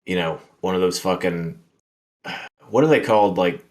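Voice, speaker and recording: Man, podcast host, very low voice, rambling casual storytelling, lots of fillers, swearing. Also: measured pace. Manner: rambling, filler-heavy, profane.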